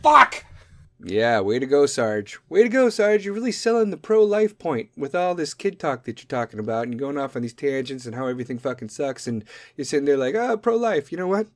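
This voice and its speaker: A man's voice: expressive, brisk, darkish tone, dry recording. Profane ranting man, dry close sound. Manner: profane, tangent-prone, mimics kids in high squeaky voices. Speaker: podcast host. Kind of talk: profane comedic rant.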